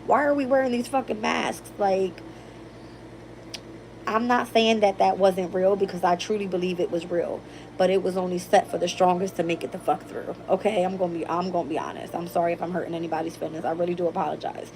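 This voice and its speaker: A woman hosting a casual tarot livestream late at night, talking bluntly and profanely in an animated storytelling way. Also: lowish voice, fairly quick, slight background noise, rough recording. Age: adult with a daughter. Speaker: tarot reader and channel host.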